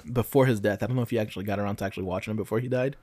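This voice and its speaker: A man from Brazil casually discussing film adaptations on a podcast, often pausing to search for words. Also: fairly low pitch, steady tone, darkish tone, no room sound. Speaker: podcast co-host.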